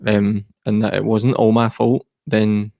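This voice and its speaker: A man's voice: fairly low pitch, little pitch movement, a little slow, creaky, no room sound, highs cut off. A Scottish man speaking as an interview guest, earnest and reflective. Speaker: guest, mental health charity co-founder. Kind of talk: personal interview talk.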